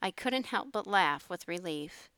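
A woman narrating an audiobook in a steady, measured reading, recorded on a close mic. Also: fairly low pitch, smooth, no echo.

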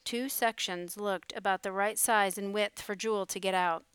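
A woman narrating an audiobook in a steady, measured reading, recorded on a close mic. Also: mid-range voice, smooth, no room sound.

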